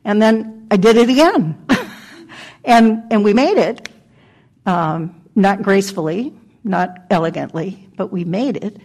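An older woman giving a gentle, reflective dharma talk as a meditation teacher, pausing often and laughing softly. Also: medium pitch, lively intonation. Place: meditation hall.

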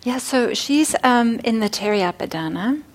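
A woman giving a dharma talk at a meditation center, telling a teaching story with frequent pauses and fillers. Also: on the high side, expressive. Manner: warm storytelling, hesitant fillers.

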